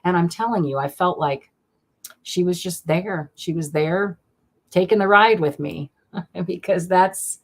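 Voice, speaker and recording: A woman's voice: on the low side, measured pace. Chatty woman giving card readings. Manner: chatty and gushing, with many fillers and restarts. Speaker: card reader hosting a live stream. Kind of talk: casual live-stream card reading.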